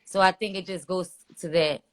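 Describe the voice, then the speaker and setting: A woman in a casual podcast debate, measured and reasoning aloud. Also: on the low side, steady tone. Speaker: podcast panelist.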